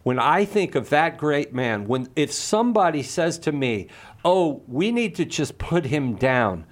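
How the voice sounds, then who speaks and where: A middle-aged Catholic speaker tells a personal story and argues a moral point with earnest passion, often repeating words when stirred. His voice is on the high side and very animated, yet unhurried.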